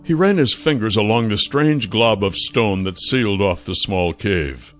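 A man narrating a fantasy audiobook in a measured, deliberate way. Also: fairly low pitch, lively intonation, a bit bright. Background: faint music.

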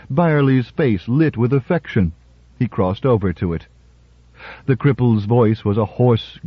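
A man narrating a story for radio in a measured, even way. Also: lowish voice, no echo. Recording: dull, dry radio recording.

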